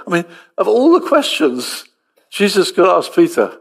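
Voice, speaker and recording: A man delivers a sermon, switching between animated, acted-out dialogue and hushed, gentle passages. His voice is gravelly and somewhat husky, pitched a little high for a man. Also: moderate pace. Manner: animated storytelling, acting out dialogue, dropping to soft tones. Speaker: preacher.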